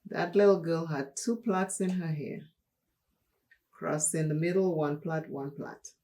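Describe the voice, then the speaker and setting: A woman from Dominica, hosting a makeup tutorial and telling a personal story in an unhurried, chatty way. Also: deep voice, fairly even intonation, warm tone. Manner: unhurried, chatty, laughs while telling stories. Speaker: makeup channel host.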